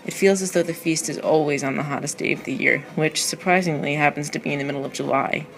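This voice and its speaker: A woman reading a personal narrative essay aloud in a wry, excitable storytelling manner. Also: low voice, fast talker, creaky, soft background music, rough recording.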